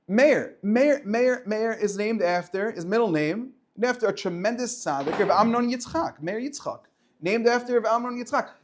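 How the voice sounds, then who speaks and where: A middle-aged man, a rabbi giving an informal weekly talk to high school students, animated, with joking asides and many restarts.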